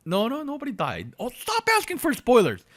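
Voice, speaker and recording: Animated young man telling a story. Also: very high voice, a little fast, dry recording, studio quality. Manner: animated, many fillers and restarts, acts out quotes. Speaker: podcast co-host. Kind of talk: casual storytelling chat.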